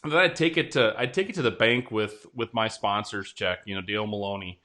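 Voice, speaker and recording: A man hosting a casual interview chat, energetic and quick, often checking in with "right?". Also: on the low side. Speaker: host.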